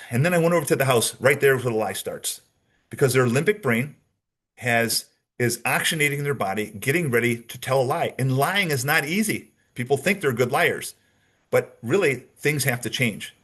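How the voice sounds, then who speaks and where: A man's voice: medium pitch, lively intonation, moderate pace, a bit bright, breathy edge. A man giving a training lecture with slides as a behavioral analysis trainer, conversational and demonstrative, often checking in with his audience.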